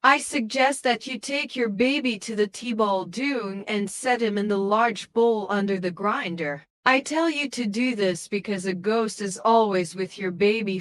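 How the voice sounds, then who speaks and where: A woman's voice: medium pitch, no room sound, lightly acted. A woman voicing a sly male con man posing as a monk, speaking in a mannered, archaic way. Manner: mannered, archaic, smooth-talking.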